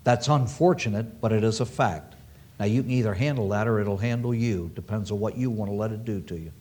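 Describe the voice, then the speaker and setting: A man's voice: lowish voice, fairly quick, darkish tone, breathy edge. A man preaching a sermon to an audience, emphatic and repeating key phrases for weight.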